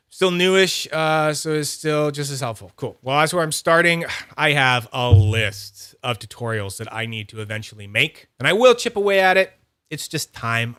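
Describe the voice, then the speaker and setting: A man hosting a fidget toy channel, chatting casually and excitably, rambling, teasing himself and greeting viewers by name. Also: a little high, clear, resonant tone, dry recording, clean studio sound. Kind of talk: casual rambling livestream-style review.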